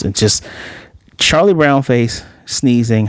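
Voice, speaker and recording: A man's voice: medium pitch, sing-song, measured pace, no room sound, studio quality. A man reviewing an anime episode in a casual, rambling, blunt way.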